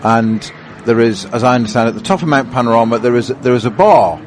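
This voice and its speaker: Male co-commentator, mid-pitch, rambling anecdotal storyteller, faint engine hum behind. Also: fast. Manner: rambling storyteller with many restarts. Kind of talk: anecdotal motorsport chat.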